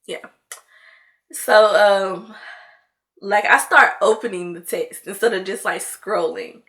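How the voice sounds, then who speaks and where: Young woman, storytime vlogger, bright and forward tone at a middle pitch, chatty and rambling, animated when quoting herself. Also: slow pace. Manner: chatty, loose, peppered with "like" and "you know". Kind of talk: casual storytime chat.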